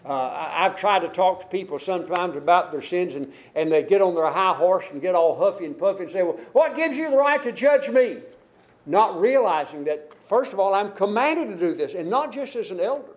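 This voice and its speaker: A man preaches a sermon to his congregation, earnestly quoting and explaining scripture with rising and falling emphasis. His voice is high, animated, and a little fast, on a muffled recording.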